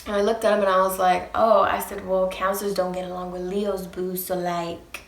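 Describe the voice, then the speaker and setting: A woman's voice: medium pitch, normal speed, reverberant, a little hiss or hum. Chatty woman telling a storytime. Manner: animated, profane, talks straight to viewers. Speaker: storytime vlogger. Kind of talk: casual storytime.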